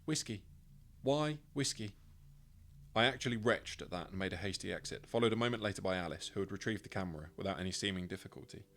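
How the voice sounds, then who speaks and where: Low-voiced man reading a story. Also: fairly even intonation, very fast, few pauses, fairly bright tone. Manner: dry, wry storytelling. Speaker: author reading his own story. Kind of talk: first-person scripted narration.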